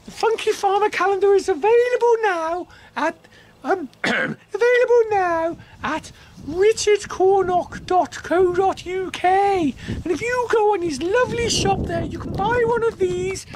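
A man voicing a vain, flirty female supermodel in a comic character monologue, cooing and giggly with drawn-out oohs. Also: very high voice, a little hiss or hum.

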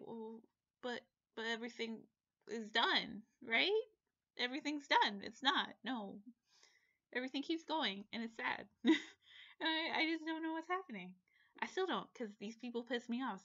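A woman vlogging about books in a casual chat to camera, animated and quick, swearing and exaggerating. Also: fairly high pitch, highs cut off. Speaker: book vlogger.

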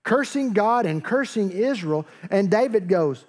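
A man's voice: high-pitched, expressive, a little slow, few pauses. A man preaching a sermon as pastor, telling a story with acted-out dialogue and joking asides.

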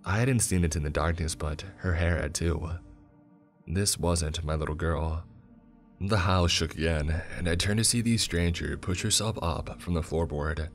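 A man narrating a horror story in a steady, grave tone. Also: sits low, moderate pace. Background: soft music.

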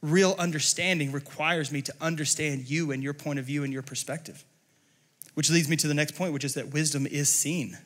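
A male pastor with a high, lively-pitched voice and a bright, forceful edge preaches in a church service. He is passionate and regularly works himself up to shouting. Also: brisk, big-room sound. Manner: passionate, often rising to shouting. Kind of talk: sermon.

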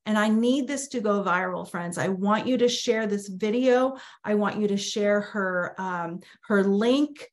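A woman's voice: mid-range voice, a little slow, few pauses. A woman leading an online prayer meeting, speaking in an encouraging, faith-filled way with many fillers over a video call.

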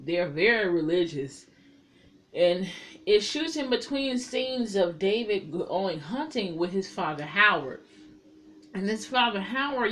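A woman's voice: mid-range voice, fairly bright tone, a little hiss or hum. A woman casually reviewing a TV episode, retelling scenes candidly and with plenty of swearing. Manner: candid and profane, paraphrases scenes with quoted lines. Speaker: TV show reviewer.

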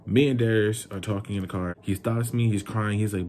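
A man's voice: lowish voice, fairly even intonation, brisk, hardly any pauses, darkish tone, a little hiss or hum. A young man from New York telling a breakup story in an emotional, indignant rant straight to the viewer. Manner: heated, indignant, talks straight to the listener. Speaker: vlogger.

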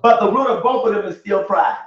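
A man with a high-pitched voice preaches fairly quickly at a Bible study in a church room, using a colloquial, emphatic style and often laughing as he makes his points. The sermon is an echoey, distant, lo-fi church recording.

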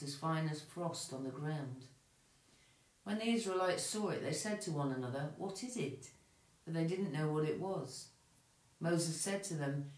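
In an echoey church, a man with a somewhat high voice for a male recites psalms and scripture for morning prayer. He keeps a steady, measured pace, occasionally correcting himself in small ways.

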